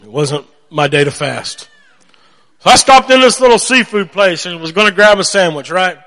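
A man's voice: high-pitched, moderate pace. A man preaching a sermon, telling stories animatedly and acting out voices. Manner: animated storytelling, acts out voices. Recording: long hall reverb.

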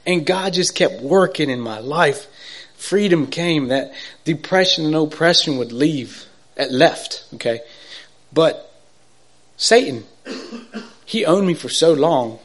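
An earnest man with a slightly high voice tells his own faith story. He rambles and restarts, checks in with his listeners, and moves between soft, hushed passages and loud, excited bursts. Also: takes it slowly, pauses often. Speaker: speaker giving a personal faith testimony. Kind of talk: personal testimony storytelling.

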